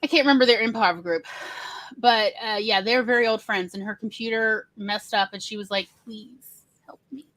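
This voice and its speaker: A woman hosting a casual panel chat, talking in an animated, digressive way. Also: mid-range voice, fairly quick, no room sound. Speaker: host.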